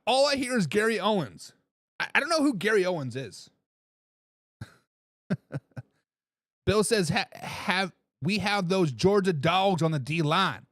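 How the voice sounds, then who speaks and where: A man hosts a sports talk live stream, reading out viewer comments and ribbing the people who sent them. His voice sits high and swings widely in pitch, keeping him excitable and animated. The sound is close and dry, with no room around it. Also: a little slow, pauses often, no room sound. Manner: excitable, laughs and repeats himself, teases commenters. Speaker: sports talk show host.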